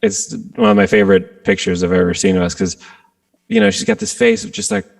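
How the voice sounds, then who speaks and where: A man, a guest rock guitarist, telling stories in a casual interview and acting out quotes with sudden jumps in pitch. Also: brisk, gravelly. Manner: animated storyteller, acts out quotes with jumps in pitch.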